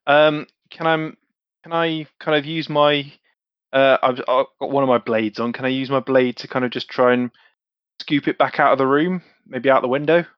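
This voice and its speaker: Dude playing a tabletop game, stumbling over words, kinda dull dry recording. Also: male voice, medium pitch, steady tone, clear, resonant tone, dry recording. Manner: halting, restarts, laughing. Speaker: player. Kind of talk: casual tabletop play.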